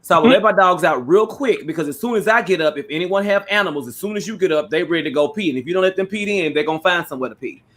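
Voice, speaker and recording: A man telling a petty neighbor story in casual chat, animated and swearing freely, acting out what people said. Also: high voice, racing, hardly any pauses. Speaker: podcast co-host.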